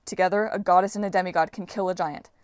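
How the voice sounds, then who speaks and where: Woman reading a smooth-talking teen hero. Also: fairly low pitch, steady tone, no echo, clean studio sound, natural voice. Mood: persuasive. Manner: persuasive, fast-talking. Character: quick-witted teenage male demigod hero.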